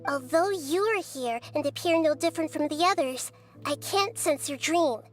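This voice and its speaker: An actress voicing a small, wise girl goddess in a game, calm and measured in her reasoning. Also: high voice, soft background music, lightly acted. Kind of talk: game character dialogue.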